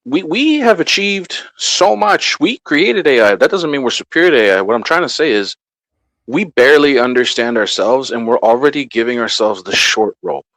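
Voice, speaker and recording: A man's voice: medium pitch, lively intonation, normal speed, fairly bright tone, no room sound, low-quality recording. A man ranting bluntly and profanely in a heated casual panel talk.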